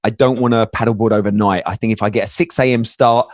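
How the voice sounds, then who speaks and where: A man's voice: fairly low pitch, fairly even intonation, fast talker, dry recording, clean studio sound. A man, a guest in a casual interview, telling stories with many fillers and restarts. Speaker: podcast guest.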